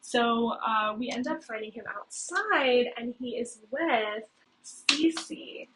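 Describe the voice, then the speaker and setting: A woman's voice: takes it slowly, pushed and bright. A young woman hosting a video, casually recapping a story in a chatty way, with lots of "like" and "okay?". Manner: chatty, heavy use of "like" and "okay?". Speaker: video host. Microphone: cheap home mic. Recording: noisy low-quality home mic with clicks.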